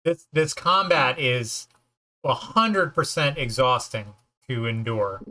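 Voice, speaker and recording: Bright-voiced joking male streamer. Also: mid-range voice, takes it slowly. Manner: joking, rambling, puts on silly voices. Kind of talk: casual let's-play chat.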